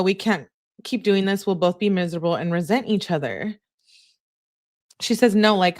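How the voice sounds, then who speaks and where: A woman hosting a true crime channel, reading text messages aloud in an easygoing way and chatting to her viewers between them. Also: fairly low pitch.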